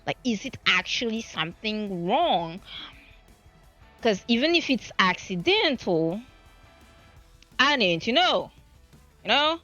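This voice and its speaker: Very animated yet slow, with long pauses, this woman's fairly high voice sounds bright and forceful over faint music. She streams from the French Caribbean, her Creole accent clear, chatting casually in a rambling, self-mocking way with many false starts; the stream audio is dull and lo-fi.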